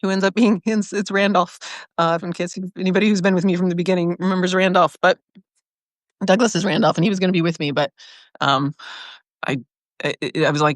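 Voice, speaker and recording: A woman's voice: fairly low pitch, fairly even intonation, a little fast, dry recording, clean studio sound. Giggly woman livestreaming from her phone. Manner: bubbly, laughs often, greets viewers. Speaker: livestream host. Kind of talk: casual livestream chat.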